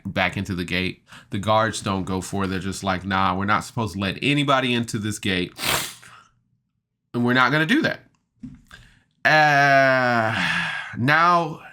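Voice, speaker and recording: A man with a sharp-toned, mid-range voice casually reviews a tabletop game episode on a podcast, upbeat and talkative with laughter and fillers.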